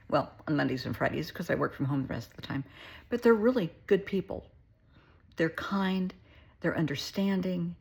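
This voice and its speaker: A middle-aged woman speaking as a therapist, talking earnestly in a folksy way and often dropping to a soft, breathy near-whisper. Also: on the low side. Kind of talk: casual heartfelt monologue.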